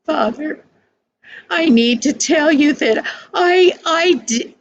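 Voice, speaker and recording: A woman's voice: high-pitched, slow pace, highs cut off, a little hiss or hum, voice pushed up. An older woman voicing a remorseful young boy who pleads and stammers near tears. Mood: tearful.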